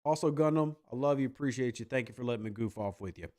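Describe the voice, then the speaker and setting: A man's voice: mid-range voice, fast, darkish tone. A man hosting a podcast, joking and sarcastic as he reacts to viewer comments. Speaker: podcast host.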